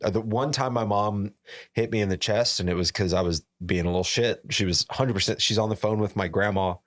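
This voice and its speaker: A young man from Arizona chatting casually on a podcast, an animated storyteller who says "like" a lot. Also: lowish voice, a little fast. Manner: animated storyteller, fills talk with "like". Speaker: podcast guest or co-host.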